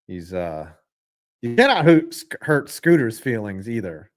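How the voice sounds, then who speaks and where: A young man hosting a live football reaction stream, ranting with lots of swearing and calling plays with sudden bursts of excitement. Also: medium pitch, measured pace. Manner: profane, ranting, jumps into excited play calls.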